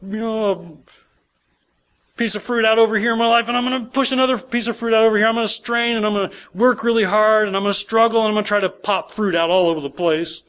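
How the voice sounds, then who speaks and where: A man's voice: high voice, steady tone, fast talker, fairly bright tone, voice pushed up. A man putting on the voice of a straining believer forcing results, in a sermon. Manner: effortful, grunting strain.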